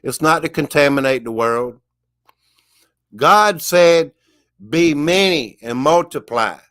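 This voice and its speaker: A man's voice: a little high, lively intonation, slow, fairly bright tone. A man giving a casual monologue rant to the camera, emphatic and repetitive, with a preachy tone. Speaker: vlogger.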